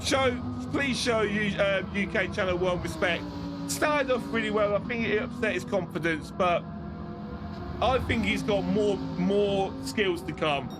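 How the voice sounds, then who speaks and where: Breathless excitable male race streamer. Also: high-pitched, a little slow, over loud music. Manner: excitable, shouting during close finishes, then rambling and chatty. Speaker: streamer commentating online races. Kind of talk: live race commentary and casual chat.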